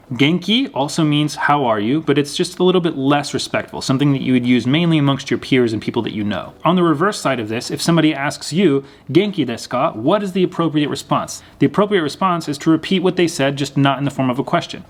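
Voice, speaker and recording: A young man teaching a language lesson, patiently repeating words slowly and clearly. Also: mid-range voice. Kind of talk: explaining lesson.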